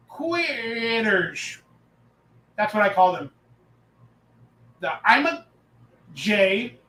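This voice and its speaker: A man hosting a casual live reaction stream, talking loudly and excitably, reading and answering chat messages as he goes. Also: high-pitched, reverberant, rough recording. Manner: loud, excitable, reads chat aloud.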